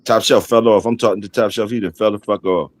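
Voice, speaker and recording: A man's voice: on the low side, steady tone, fast talker. A middle-aged man with a Baltimore accent hosting a livestream, laid-back and laughing, in casual streetwise talk. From DMV area of the US. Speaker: livestream host. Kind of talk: casual chat.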